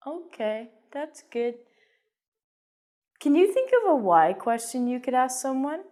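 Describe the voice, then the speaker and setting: A woman teaching an English lesson in a playful, animated way. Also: fairly high pitch, unhurried. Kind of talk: video lesson.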